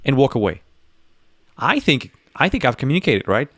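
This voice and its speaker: A man's voice: mid-range voice, very animated, normal speed, a bit bright, slightly rough, dry recording, clean studio sound. A man co-hosting a live talk show, talking in a rambling way with many restarts and acted-out quotes. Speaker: podcast co-host. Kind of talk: casual live discussion.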